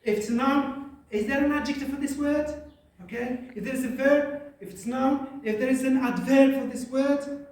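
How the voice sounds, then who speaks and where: Far from the mic in an echoey classroom, an Algerian English teacher leads a lesson. His voice is very high but his intonation fairly even. He halts often, uses many fillers, and checks in with "right?".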